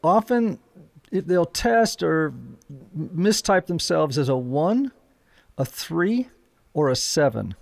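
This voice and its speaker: A male podcast host talks with a clearly gravelly, creaky voice that sits a little high. He explains things thoughtfully and hedges, restarting his sentences as he goes. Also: big pitch swings, slow pace, long pauses. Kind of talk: conversational podcast interview.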